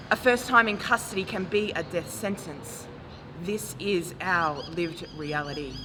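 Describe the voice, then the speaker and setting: A woman in her forties performing a spoken word poem with a measured, grave delivery that rises to impassioned calls. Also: medium pitch. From Australia. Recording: noisy recording with traffic ambience.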